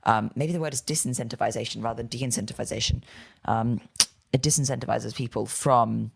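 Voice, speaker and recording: A man's voice: medium pitch, fairly even intonation, fairly quick, vocal fry, slightly rough. A British man co-hosting a podcast, talking casually with frequent fillers and corrections. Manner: chatty, with many fillers and self-corrections. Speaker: podcast co-host.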